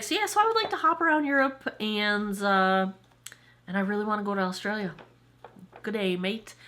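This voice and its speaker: A woman's voice: medium pitch, bright, forceful tone. Woman, forties, US beauty vlogger, chatty and self-deprecating, rambly Q&A. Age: 40s. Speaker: beauty YouTuber. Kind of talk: casual Q&A chat to camera.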